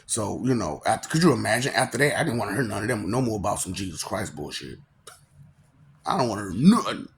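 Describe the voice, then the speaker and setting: A man's voice: fairly low pitch, big pitch swings, fast, vocal fry, a little hiss or hum. Laughing, swearing man with a loose rambling ramble. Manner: laughs often, profane, swings from loud to muttered; makes mouth sound effects. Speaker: monologue host. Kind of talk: rambling casual monologue.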